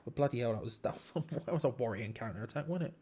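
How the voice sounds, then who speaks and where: A man's voice: medium pitch, expressive, fast, warm tone, a little hiss or hum. A man hosting a live football watch-along, commenting on play to his chat in disbelief and laughing at bad defending.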